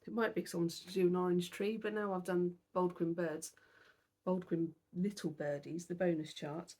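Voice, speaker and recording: A woman's voice: on the low side, mellow. A tired young British woman vlogging about her cross-stitch, chatty and self-deprecating. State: tired, yawning. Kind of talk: casual chat to camera.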